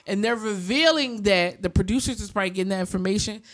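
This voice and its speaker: A woman with a voice who chats casually and tells her stories in an animated way. She swears freely and drops into quick impressions of the people she's talking about. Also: mid-range voice. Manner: animated storytelling, heavy swearing, acts out quoted voices. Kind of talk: casual chat.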